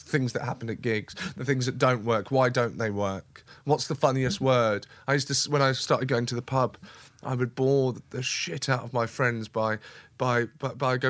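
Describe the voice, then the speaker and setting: A man chatting as a comedian guest, eager and rambling, acting out small scenes as he goes. His voice sits at an ordinary middle pitch. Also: a bit bright, no echo. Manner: enthusiastic and rambling, acts out little scenes. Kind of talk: casual podcast interview chat.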